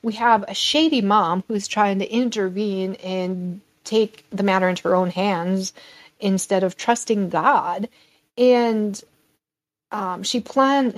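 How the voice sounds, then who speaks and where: A woman's voice: medium pitch, takes it slowly. A woman reading scripture aloud and then teaching a casual Bible lesson in an earnest, conversational way.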